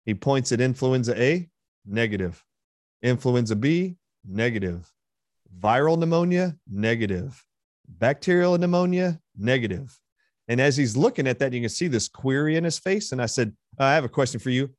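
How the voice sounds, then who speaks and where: A man's voice: mid-range voice, lively intonation, normal speed, no echo, clean studio sound. A man being interviewed as a guest, retelling a heated exchange with force and emphasis. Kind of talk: interview storytelling.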